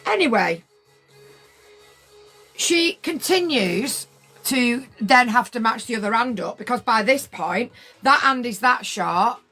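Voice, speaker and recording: Woman, 50s, fairly high voice, livestream chat, indignant, repeats herself for emphasis. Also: lively intonation, takes it slowly, pauses often, bright, forceful tone, soft background music. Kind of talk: casual livestream chat with viewers.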